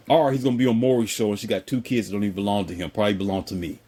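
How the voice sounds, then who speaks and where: A man talking casually and with strong opinions, mocking people with quick impressions and jumping up in pitch. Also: breathy edge. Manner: animated, mocking impressions, jumps high in pitch. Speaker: host.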